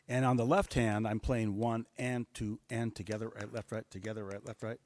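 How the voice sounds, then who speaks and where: A man's voice: fairly low pitch, level tone, normal speed, few pauses, a little mellow, a little hiss or hum. A man being interviewed about drumming, explaining rhythms and counting and singing the beats aloud. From Seattle-based. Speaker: guest musician, drummer.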